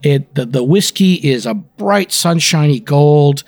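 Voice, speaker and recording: A man's voice: fairly high pitch, animated, a little slow, a little mellow. Upbeat man describing whisky. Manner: enthusiastic, descriptive. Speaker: co-host. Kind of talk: casual whisky tasting talk.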